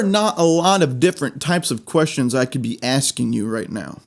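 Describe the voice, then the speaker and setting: A man hosting a podcast, telling a comic story in a rambling, excitable way and repeating words for laughs. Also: medium pitch, normal speed, gravelly, few pauses. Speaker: podcast host. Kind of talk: comedic storytelling monologue.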